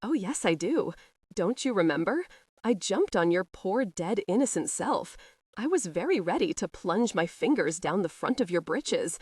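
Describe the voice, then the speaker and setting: A spirited young heiress wife who teases with a light, lilting mockery, as a woman reads her. Her voice sits in a middle range and sounds dry and close. She is sharp-tongued and sure of herself. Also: medium pitch, no room sound, lightly acted. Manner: playful, mocking, lilting.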